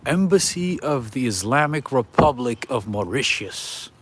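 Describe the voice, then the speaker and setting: A man's voice: medium pitch, expressive, measured pace, slightly rough. A man hosting a walking livestream outdoors on a city street at night, chatting straight to his viewers and chuckling often. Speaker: livestream host. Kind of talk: casual walking livestream chat.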